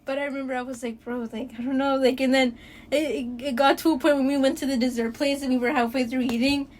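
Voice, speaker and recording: Excitable young woman with a high voice. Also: quick pace, slight background noise. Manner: excitable, swearing, laughing often. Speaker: podcast host. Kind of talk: casual chat.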